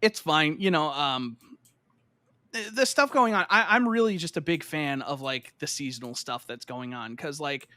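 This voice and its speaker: A man's voice: on the high side, lively intonation, moderate pace, bright, forceful tone, dry recording. A man co-hosting a podcast in casual gaming chat, rambling with lots of "like" and swearing, and getting heated and emphatic when he rants. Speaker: podcast co-host.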